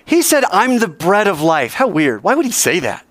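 A male teacher giving an animated classroom lecture, quizzing the class and joking as he goes. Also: sits high, normal speed, no room sound.

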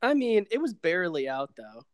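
A man's voice: sits high, wildly swooping pitch, fairly quick, smooth, no room sound. A young man hosting a casual podcast, laid-back and hesitant, with lots of fillers. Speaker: podcast host.

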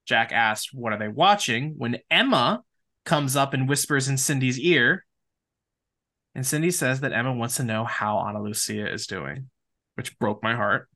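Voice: medium pitch, moderate pace, sharp tone. A podcast co-host who recaps TV scenes step by step, then banters with a sibling co-host. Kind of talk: casual recap chat.

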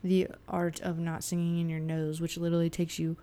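Brief: woman co-host, lower pitch, opinionated, talks singing technique in relaxed chat. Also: a little fast. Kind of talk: casual chat.

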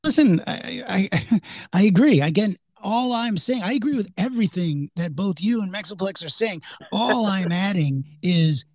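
Opinionated male guest who rambles and swears; high pitch, dry. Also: expressive, normal speed, darkish tone, dry recording. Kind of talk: casual chat.

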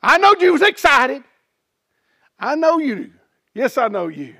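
A booming, fatherly God calls out reassurance, played by a male preacher. The voice rides high and bright with a gravelly edge, in a dry close sound. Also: sing-song, a little slow, no echo, exaggerated voice. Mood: excited. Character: God, a booming all-knowing father welcoming souls.

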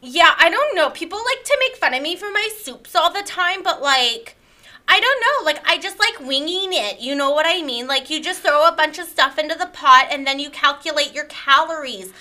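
A woman's voice: sits high, lively intonation, moderate pace, sharp tone. A woman doing a whiny self-pitying influencer. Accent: put-on Southern drawl. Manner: whiny, self-pitying, filler-heavy "like, you guys". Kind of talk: improvised comedy sketch.

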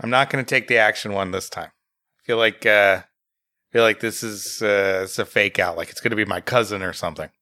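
A man's voice: fairly low pitch, fairly quick, no echo, clean studio sound. A man in casual chat as a podcast co-host, joking and restarting his sentences. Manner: animated, joking, stammering restarts. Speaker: podcast co-host making the gamebook choices.

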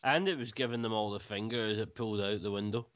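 A man's voice: fairly low pitch, fast, a bit bright. A man joking and laughing through a casual group movie commentary. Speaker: commentator riffing on a film. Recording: lo-fi podcast audio.

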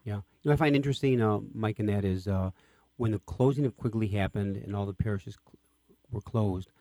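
A man hosting an interview, asking questions with enthusiastic prompting and reacting warmly to the answers. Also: lowish voice, brisk, no echo. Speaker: radio interview host. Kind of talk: interview conversation.

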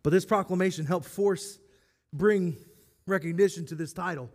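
A man's voice: high-pitched, moderate pace, darkish tone. A male pastor preaching a sermon in an enthusiastic, conversational way, with self-deprecating humor.

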